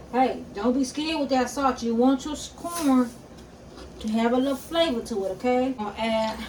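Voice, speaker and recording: In this laid-back cooking tutorial, a woman with a high voice cooks at home and talks to her audience, addressing them as "y'all" and "baby." A little background noise can be heard.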